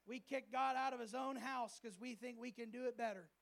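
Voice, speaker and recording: A male pastor preaching a sermon at a church service, lively and humorous, often acting out the voices of people he quotes. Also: very high voice, fairly quick, vocal fry.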